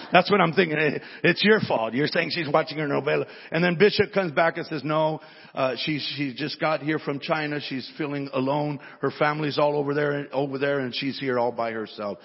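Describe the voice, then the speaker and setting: His voice is a little high and breathy-edged, and he keeps a moderate pace as a male pastor telling a sermon story. The delivery is conversational, with frequent repeated words opening his sentences. The recording sounds dull and carries long hall reverb.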